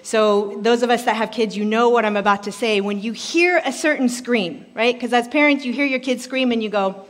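A woman pastor in her forties preaching a sermon in a church, telling a story in an animated way and acting out voices. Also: on the high side, normal speed, hardly any pauses. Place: church sanctuary. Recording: reverberant hall.

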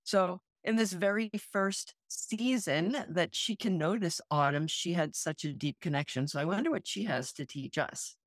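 A woman's voice: fairly low pitch, normal speed, few pauses, no echo, clean studio sound. A woman co-hosting a podcast, talking in a thoughtful, reflective way in casual conversation. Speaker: podcast co-host, yoga and meditation teacher.

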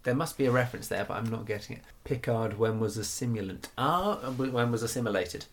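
A man's voice: medium pitch, brisk, a little hiss or hum. A man co-hosting a casual chat show, reading out listener comments in a teasing, wry way and laughing often. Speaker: podcast co-host.

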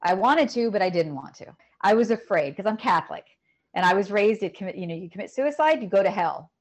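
A middle-aged woman telling a painful personal story in a podcast conversation, emotional and halting, often repeating words. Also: mid-range voice, animated. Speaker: podcast guest.

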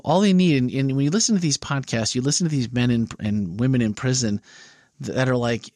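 A man hosting a church podcast in casual chat, animated and jokey, laughing at his own jokes. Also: medium pitch, no room sound, studio quality.

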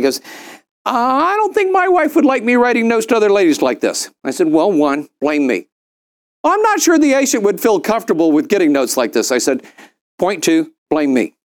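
Middle-aged man, animated group speaker, slightly higher voice, raises it for quoted lines. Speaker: speaker at a business mastermind. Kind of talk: storytelling talk to a group.

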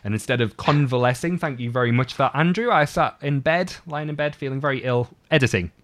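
A man's voice: mid-range voice, fast talker, fairly bright tone. A man hosting a podcast, playful and teasing, with lots of fillers and frequent laughter. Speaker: podcast host. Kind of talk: casual podcast chat.

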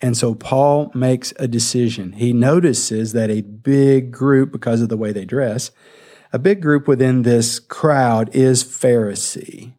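A man's voice: medium pitch, measured pace. Male preacher, mid-range voice, vivid storyteller retelling scripture. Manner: animated storytelling, acting out the scene. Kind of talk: sermon.

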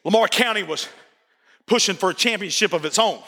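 A middle-aged man preaching a sermon, emphatic and repetitive, at times shouting his points. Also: high-pitched, a little fast. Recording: long reverb of a large church hall.

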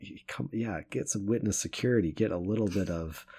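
Low-voiced joking male podcast host. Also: a little fast, warm tone, slightly rough. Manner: joking, chatty, laughs often. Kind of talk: casual chat.

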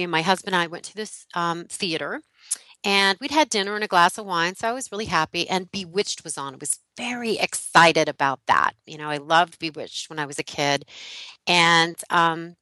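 An animated middle-aged woman who laughs often and acts out the voices in her story. Her tone is bright and forward, and it is recorded close and dry with no room sound. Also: lowish voice, normal speed, dry recording, low-quality recording. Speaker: guest, relationship teacher. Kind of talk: storytelling in a podcast interview.

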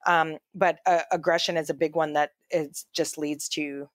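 Woman, low voice, casual podcast chat, rambling with fillers, dry close sound. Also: level tone, moderate pace, no room sound. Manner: chatty storytelling with many fillers and restarts. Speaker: podcast co-host.

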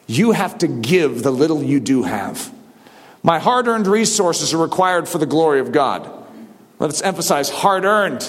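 Male preacher, high and animated, loud exhortations, big hall reverb. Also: a little slow. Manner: swings from quiet to shouted exhortation. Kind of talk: sermon.

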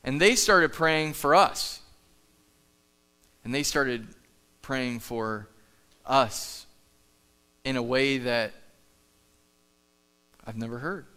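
A man's voice: medium pitch, drawn-out words, long pauses, sharp tone, clear, resonant tone. A man preaching a sermon in a church, telling a story in a conversational, earnest way and acting out the dialogue. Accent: Midwestern American. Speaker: pastor. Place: church sanctuary. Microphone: live stage mic.

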